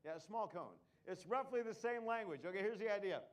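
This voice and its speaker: In a showroom, a man with a high, light voice performs live comedy magic, firing off quick jokes and banter with the audience. He narrates each trick for the crowd as he does it, all in an animated, joking patter.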